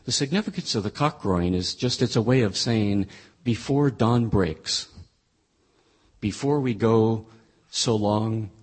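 A man's voice: on the low side, unhurried, darkish tone, slightly rough. A man explaining a scripture passage as a Bible teacher, in a thoughtful, conversational way with frequent restarts.

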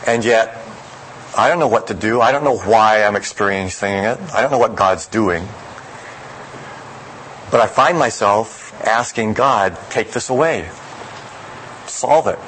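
A man preaching a sermon who reads scripture aloud and then explains it in a measured, reflective way. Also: on the low side, fairly bright tone, slight background noise, poor audio.

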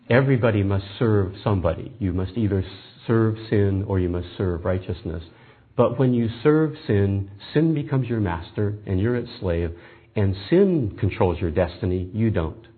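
Low, husky male Bible teacher. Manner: methodical, reasoning aloud with quoted scripture. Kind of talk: Bible study lecture. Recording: tinny phone-like band.

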